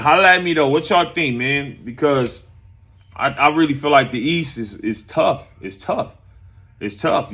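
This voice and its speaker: A man's voice: mid-range voice, a bit bright. A man hosting a casual sports talk stream, chatting loosely with viewers, rambling and repeating his phrases.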